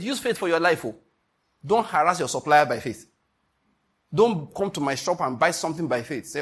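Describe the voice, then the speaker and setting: A pastor preaching an emphatic sermon, often asking the congregation if they follow. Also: male voice, a little high, lively intonation, moderate pace, long pauses, slightly rough.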